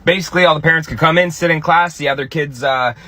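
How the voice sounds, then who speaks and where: A man, a parent, telling a casual story in a lively, self-mocking way. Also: fairly high pitch, quick pace, no room sound.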